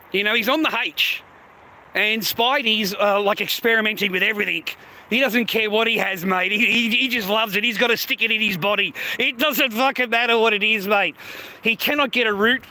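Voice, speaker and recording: A man's voice: high-pitched, sharp tone, low-quality recording. A man hosting a livestream in a crude, sweary ranting chat, mocking his viewers and laughing often. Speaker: livestream host.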